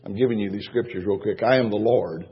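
A man's voice: lowish voice, fast talker, husky. A man preaching a sermon as pastor, repeating his points emphatically, asking the congregation questions and chuckling between lines. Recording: dull, long church-hall reverb.

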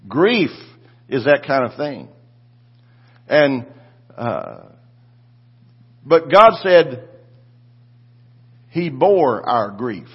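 A man's voice: mid-range voice, big pitch swings, extremely slow, pauses often, slightly rough, dull audio. A man preaching a sermon, telling a personal story with fervent, repetitive delivery and calls for the congregation to respond. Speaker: pastor.

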